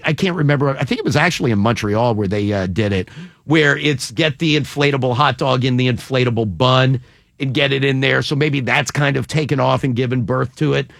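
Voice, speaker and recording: A man's voice: mid-range voice, creaky, fairly bright tone, dry recording, studio quality. A man hosting a radio show, bantering and laughing casually with his co-hosts.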